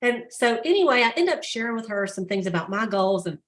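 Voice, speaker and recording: Chatty woman with a bright voice. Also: on the high side, very animated, fast. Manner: chatty storytelling, laughs often. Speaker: team leader hosting a sales call. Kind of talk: casual pep talk.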